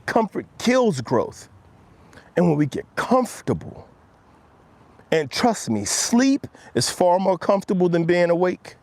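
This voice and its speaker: A man's voice: sing-song, measured pace. A man hosting a motivational walk-and-talk live stream outdoors, coaching viewers earnestly and speaking straight to them. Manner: drops low and quiet when quoting himself.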